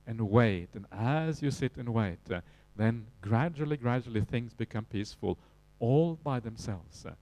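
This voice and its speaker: A Buddhist teacher with a Norwegian accent gives a relaxed evening dharma talk, using many "uh" fillers and tag questions. His voice is mid-range, with no echo.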